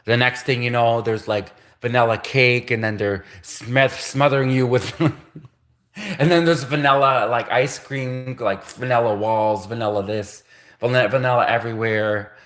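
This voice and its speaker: A man's voice: medium pitch, steady tone, a little slow, fairly bright tone. A man from Canada rambling through a casual solo livestream monologue, repeating himself and giggling between asides. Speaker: livestream host.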